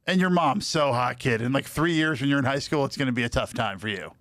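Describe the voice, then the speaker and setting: A man's voice: mid-range voice, fast talker, fairly bright tone, no room sound, studio quality. A man, a comedian co-hosting a podcast, bantering and laughing often in casual chat.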